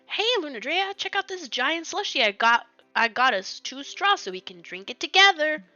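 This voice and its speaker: A woman's voice: high voice, sing-song, moderate pace, bright, forceful tone, no room sound, full character voice. A woman reading the lines of a friendly, cheerful young man from a game, in her plain light voice. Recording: dull lo-fi dry mic, faint music.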